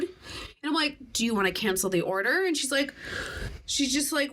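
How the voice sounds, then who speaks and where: A woman's voice: a little high, a little fast, bright, forceful tone, slight background noise. A woman guest in a casual podcast chat, telling a story with animation, acting out both sides of the conversation and swearing freely.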